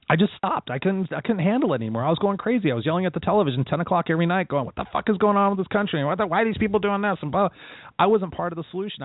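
A man's voice: mid-range voice, no echo. Man hosting a radio show over a phone-thin line. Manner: animated storytelling, acts out quoted lines, casual swearing. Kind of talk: motivational radio talk. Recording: dry, phone-like narrow sound.

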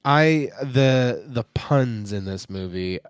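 A man's voice: mid-range voice, lively intonation, takes it slowly, clean tone, dry recording, clean studio sound. A man co-hosting a podcast, chatting casually and crudely about a movie and joking around. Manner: jokey, crude, does goofy voices. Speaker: podcast co-host.

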